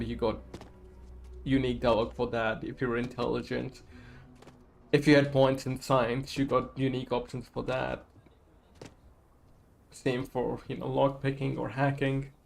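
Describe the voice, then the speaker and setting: A man's voice: medium pitch, creaky, a little mellow. A man casually commenting while he plays a game, rambling and calling everyone "bro". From outside the game's country. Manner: laid-back, says "bro" a lot, rambling. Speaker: gaming streamer.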